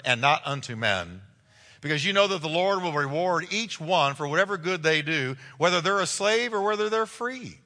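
A man's voice: fairly high pitch, lively intonation, moderate pace, bright, forceful tone. A middle-aged man preaching a sermon as a pastor, emphatic and repeating key phrases. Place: church sanctuary. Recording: long reverb of a large hall.

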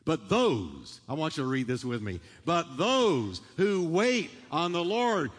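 A man delivering a sermon in a church sanctuary, calling on the congregation to repeat lines back to him. His voice sits a little high for a man and swells with fervor, and a long reverb trails behind every phrase. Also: big pitch swings, a little slow, hardly any pauses, slightly rough, soft background music. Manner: preaching with rising fervor, leading the congregation in call-and-response. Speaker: pastor.

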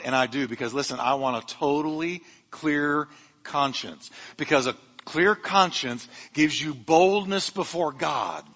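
A man's voice: on the high side, normal speed, fairly bright tone, big-room sound. A male pastor preaching a sermon, fervent and emphatic, with humorous asides to his congregation. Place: church sanctuary.

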